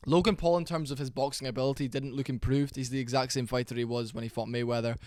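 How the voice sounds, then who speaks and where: A young man giving a casual, rambling reaction commentary, tired and low on energy, with fillers and swearing. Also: steady tone, fast talker, darkish tone, dry recording, studio quality. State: sleepy, worn out. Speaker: MMA reaction channel host.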